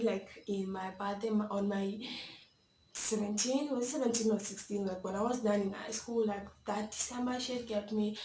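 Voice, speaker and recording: A young woman from Kenya telling a story to her camera in a casual, animated way, laughing often and filling with "like" and "you know". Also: mid-range voice, roomy sound, slight background noise. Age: young adult. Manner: animated, dramatic, laughs often, many likes and you-knows. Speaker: vlogger.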